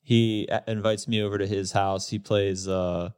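A man in his thirties, a guest in a casual interview, telling stories in a relaxed way with lots of fillers and laughs. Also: lowish voice, normal speed, clean tone, no echo, studio quality. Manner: relaxed storyteller, laughs often, many fillers.

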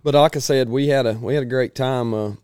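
A man, hosting a casual chat in a rambling, folksy way and clearing his throat often. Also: mid-range voice, steady tone, fairly quick, a little mellow, no room sound, studio quality.

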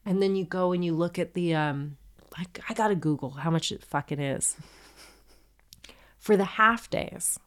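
A woman's voice: lowish voice, normal speed, pauses often. A woman in her thirties co-hosting a podcast, telling a story in casual chat, swearing freely and acting out the people she quotes. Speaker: podcast co-host.

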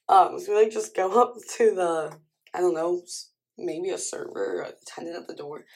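A young woman in her twenties chats casually to the camera at home as she gets ready, vlogger-style, rambling and saying "like" constantly. Her voice sits fairly low, with a steady, slightly mellow tone and a moderate pace.

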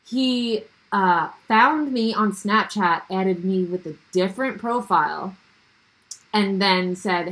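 A young woman at an ordinary middle pitch tells her story with no filter. She swears freely and slips into other people's voices to act out what they said. Her tone is casual and animated throughout. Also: slow, poor audio. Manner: blunt, profane, animated retelling with quoted dialogue. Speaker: guest telling a story.

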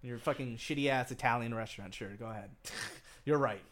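A young man chatting loosely on a podcast with a voice of middling pitch. He rambles, curses freely and breaks into laughter when he gets worked up over a story. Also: a little fast, a bit bright. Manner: rambling, swears a lot, laughs often, gets worked up telling stories. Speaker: podcast co-host. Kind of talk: casual chat.

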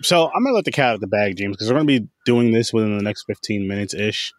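A man's voice: on the low side, expressive, rapid-fire, no room sound. Laid-back male podcast host, dry sound. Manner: laid-back, swears casually, jokes with guests. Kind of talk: casual chat.

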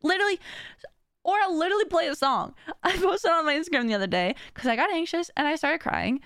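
A woman hosting a podcast, talking in a casual, animated and slangy way and laughing often. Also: very high voice, fast, no echo, studio quality. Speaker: podcast host. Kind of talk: casual chat.

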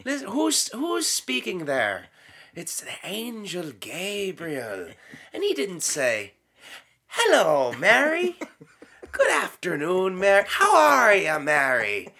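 A man voicing a tiny, passionate old Irish nun who teaches children, in a high, emphatic, preachy voice. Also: wildly swooping pitch, slow pace, sharp tone, husky, exaggerated voice.

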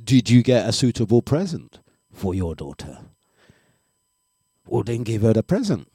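A man hosting a breakfast radio show in casual live chat. He is animated, laughs often and repeats his phrases. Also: mid-range voice, measured pace, breathy edge, no echo, clean studio sound.

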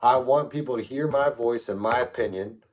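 On a podcast, a middle-aged co-host speaks at a normal speed in a medium pitch. His casual, opinionated storytelling rambles and includes swearing, with "you know what I mean" coming up often.

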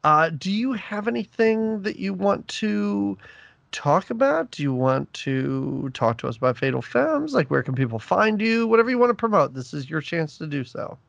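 A man's voice: high voice, very animated, moderate pace, gravelly, a bit bright, dry recording, muffled recording. A man co-hosting a podcast, friendly and rambling, joking about his own mistakes. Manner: friendly, rambling, self-deprecating. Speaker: podcast co-host. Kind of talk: casual podcast chat.

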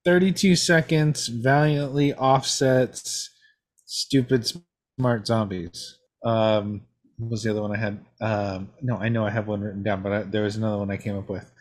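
A man's voice: fairly low pitch, fairly even intonation, normal speed. A man on a movie review podcast, speaking hesitantly and searching for what he meant to say. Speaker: podcast co-host. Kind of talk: casual movie review chat.

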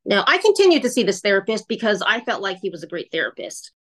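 A woman telling her personal story in a candid, emotional way, speaking quickly and acting out the voices of the people she quotes. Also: medium pitch, sing-song, fairly bright tone, low-quality recording. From California.

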